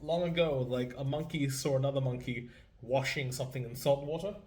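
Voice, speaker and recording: A man's voice: medium pitch, darkish tone. A man hosting a casual meme review, joking and laughing often as he reacts. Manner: laughs often, jokey, acts out quick silly voices. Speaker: host.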